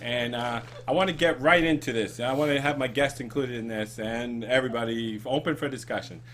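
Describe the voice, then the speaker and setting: A man's voice: mid-range voice, brisk, fairly bright tone, slight background noise. A man hosting a casual comedy chat show, rambling with ums and laughs. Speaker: show host.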